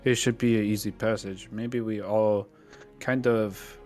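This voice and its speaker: Lower-voiced joking man at a tabletop game. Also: fairly even intonation, measured pace, darkish tone, soft background music. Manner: joking, rambling. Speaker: player. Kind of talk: casual tabletop game talk.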